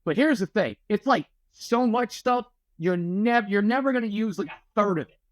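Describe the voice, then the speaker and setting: A man's voice: high-pitched, lively intonation, normal speed. A young male podcast co-host riffing playfully in casual chat. He acts out made-up conversations as he goes. The sound is dry and close, with no room echo.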